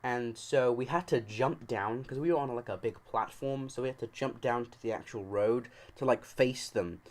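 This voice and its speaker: A man's voice: medium pitch, moderate pace. Joking, foul-mouthed man telling a story. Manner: joking, profane, acts out quoted lines. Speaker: storytime video creator. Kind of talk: casual storytelling.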